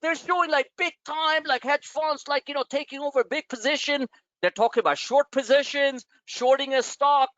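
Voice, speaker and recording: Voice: high voice, normal speed, dry recording. Rambling webinar host, dull lo-fi sound. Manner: rambling and animated, heavy with "like" and "you know"; addresses listeners directly with questions. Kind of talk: casual live webinar teaching.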